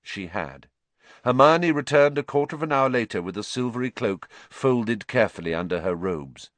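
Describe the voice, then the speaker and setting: A man narrating a storybook as an audiobook, with an expressive, dramatic reading. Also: medium pitch, moderate pace, dry recording.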